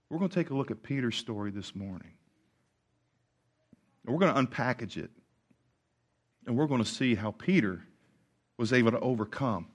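A man preaching a sermon, telling a story about himself with lively humor and laughter. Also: mid-range voice. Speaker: pastor.

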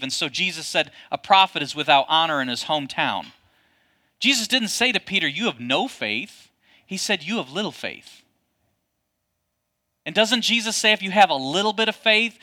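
Bright-voiced preaching man. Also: high-pitched. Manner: lively preaching with rhetorical questions to the congregation. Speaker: pastor. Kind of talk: sermon.

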